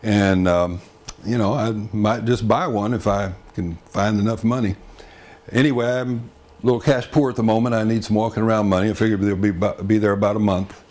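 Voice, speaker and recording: A man's voice: fairly low pitch, steady tone, fairly quick, darkish tone, natural voice. A man voicing a wealthy Texas rancher in a folk tale, talking in an easygoing, polite way. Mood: folksy. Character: wealthy, folksy Texas rancher playing humble.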